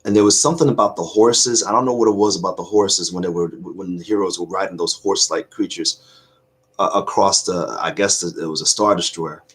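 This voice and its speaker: Husky choked-up man reflecting earnestly. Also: deep voice, steady tone. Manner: halting, choked-up, earnest, many restarts. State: choked up with emotion. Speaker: YouTube reaction host. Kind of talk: emotional casual reaction talk.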